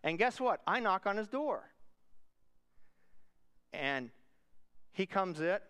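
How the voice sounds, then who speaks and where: A man preaching a sermon, telling a story with animated delivery and shouted quoted voices. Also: on the high side, unhurried, pauses often, smooth.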